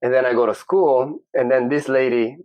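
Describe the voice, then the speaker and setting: A young man from Peru, a podcast guest telling a personal story in casual, animated talk, acting out the voices of people he quotes. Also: mid-range voice, moderate pace, muffled recording, slight background noise.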